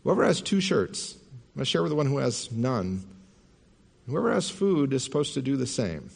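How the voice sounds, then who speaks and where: A male pastor telling parables in a sermon with calm, measured narration. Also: mid-range voice, creaky, husky. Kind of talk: sermon storytelling.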